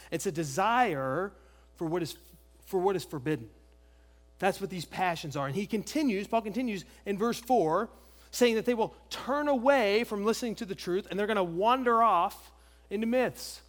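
A man preaching an expository sermon, emphatic, asking rhetorical questions and repeating key phrases. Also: high voice. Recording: long reverb of a large hall.

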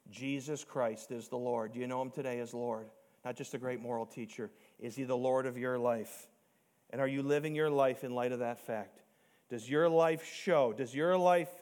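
A man preaching a sermon, emphatic, slowing down to stress key words and rising to near shouts on key points. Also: medium pitch. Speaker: pastor.

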